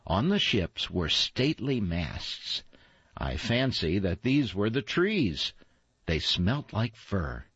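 A man's voice: fairly low pitch, big pitch swings, fairly bright tone, slightly rough, no room sound, exaggerated voice. A man doing a thoughtful old-world stork. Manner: measured, thoughtful. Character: thoughtful male stork, wise traveler. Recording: dull lo-fi, dry.

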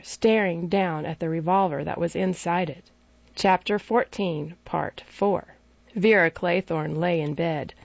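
A woman reads an audiobook, narrating in a measured way and giving the characters distinct voices. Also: lowish voice, creaky, dry recording. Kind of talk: scripted narration. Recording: dry, slightly dull recording.

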